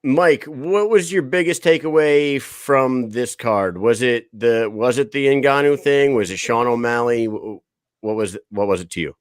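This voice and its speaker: A man in his thirties hosting a podcast in casual chat, swearing freely, laughing often and telling quick stories. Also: mid-range voice, no echo, studio quality. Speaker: podcast host.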